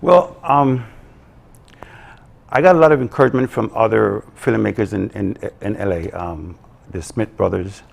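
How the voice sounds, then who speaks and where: A man, a production company co-owner interviewed on a live morning show, talking haltingly with many ums and restarts. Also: fairly low pitch, creaky. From Belize.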